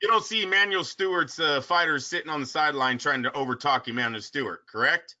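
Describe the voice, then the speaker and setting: A man co-hosting a boxing talk show in casual chat, excitable and scolding, laughing often. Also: a little high, quick pace. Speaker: boxing podcast co-host. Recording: dull lo-fi audio.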